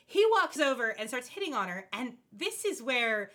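Woman podcast co-host, casual recap chat, bright tense voice, animated and laughing. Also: a little high, normal speed. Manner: animated, laughing, expressive storyteller.

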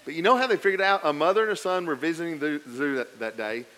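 A man preaching a sermon, telling a story with lively swings between loud emphatic passages and quiet, low asides. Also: fast. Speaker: pastor.

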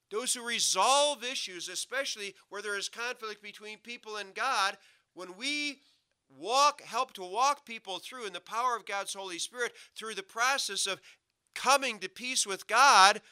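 Bright-voiced male preacher, dry sound. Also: clean tone, no echo. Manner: swings from loud emphatic to low quiet asides. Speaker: pastor. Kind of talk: sermon.

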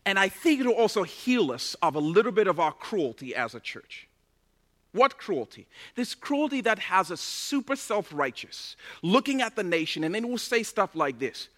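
A man preaching a sermon as pastor, impassioned and building to loud, emphatic bursts. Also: high voice, sing-song, normal speed, few pauses.

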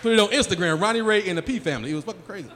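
A man in his forties works a crowd at a live comedy club with a handheld mic, running a loose, profane stand-up set and riffing with the audience. His voice sits high and sounds fairly bright, expressive and racing along. The room reverb is live, with faint crowd noise underneath.

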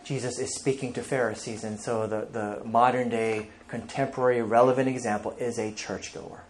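A man's voice: mid-range voice, fairly even intonation, normal speed, slight background noise. Man preaching an emphatic sermon. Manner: emphatic preaching with scripture reading. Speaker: pastor.

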